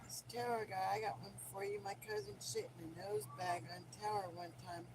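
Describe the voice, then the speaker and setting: A woman's voice: mid-range voice, very animated, fairly quick, a little mellow, slight background noise, rough recording. A woman chiming in with short, casual remarks during a livestream.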